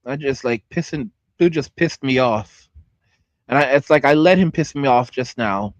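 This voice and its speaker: A man's voice: medium pitch, expressive, moderate pace, no room sound. A man hosting a livestream, ranting angrily at chat and repeating himself. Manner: angry, heated, repeats himself. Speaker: channel host. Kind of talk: livestream rant reacting to chat.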